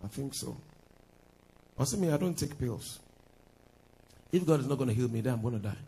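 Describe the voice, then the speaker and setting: A man's voice: medium pitch, animated, fairly quick, warm tone, slightly rough. A man with a Ghanaian accent, a pastor preaching a sermon with sing-song lines and laughing asides, switching between English and Twi.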